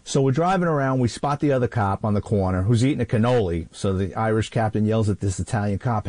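A man who served as a police officer, telling an animated anecdote and acting out voices in the quotes. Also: fairly low pitch, fast, hardly any pauses, no room sound. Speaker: retired police officer and author. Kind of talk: storytelling anecdote.

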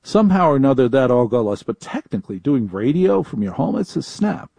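Chatty radio host with a mellow, dry voice. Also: male voice, medium pitch, sing-song, a little fast, creaky, no room sound. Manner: chatty, wry, repeats phone numbers. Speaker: radio talk show host. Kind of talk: live call-in radio talk. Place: home studio in a laundry room.

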